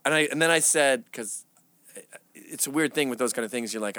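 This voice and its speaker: Profane storyteller, animated swooping man. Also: medium pitch, normal speed, dry recording. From England. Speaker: guest. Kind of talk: casual interview chat. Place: media studio.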